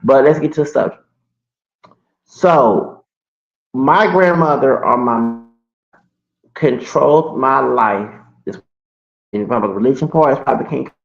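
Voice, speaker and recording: Here the same kind of forties-aged streamer speaks in a mid-range, creaky voice, unhurried and broken by long pauses. His livestream talk wanders on at length, with frequent restarts and self-corrections. Audio comes through dull and lo-fi from an echoey room.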